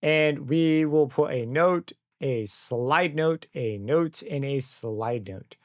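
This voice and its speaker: A young man walking through a software synth plugin in a casual tutorial, thinking aloud and correcting himself as he goes. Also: on the high side, takes it slowly, dry recording. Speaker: plugin reviewer. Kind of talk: screen-recorded software tutorial. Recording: dry close mic with synth music under it.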